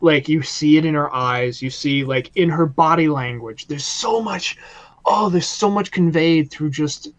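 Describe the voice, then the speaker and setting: A man co-hosting a casual review podcast, excitable and quick to swear. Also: fairly high pitch. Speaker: podcast co-host.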